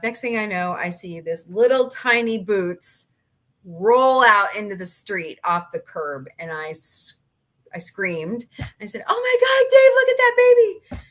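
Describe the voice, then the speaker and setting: A woman's voice: mid-range voice, sharp tone. A middle-aged woman hosting a casual livestream, chatting and rambling through stories with her live chat. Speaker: livestream host.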